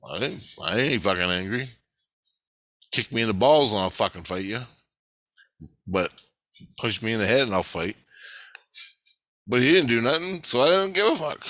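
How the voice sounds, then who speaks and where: A man tells a strange dream in a heated, swearing torrent, jumping into the voices of the people he argued with. His voice is bright and forward. It is recorded close and dry. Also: fairly low pitch, no echo. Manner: agitated, profane, retelling dialogue in bursts. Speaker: vlogger. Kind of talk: casual recounting of a dream to camera.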